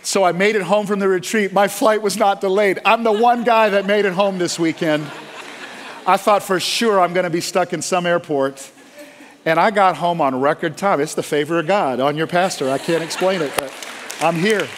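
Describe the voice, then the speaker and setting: Male pastor, sermon delivery, impassioned storyteller, loud then hushed, slightly high voice. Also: moderate pace, a little hiss or hum. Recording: long hall reverb.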